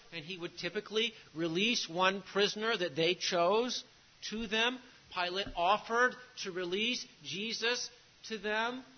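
High-voiced man preaching a sermon. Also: dull audio, a little hiss or hum. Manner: emphatic preaching, repeats key phrases, drops to a hush on grave lines.

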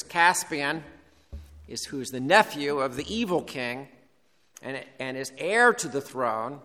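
Slow-speaking male preacher in a hall. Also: on the high side, a bit bright. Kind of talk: sermon.

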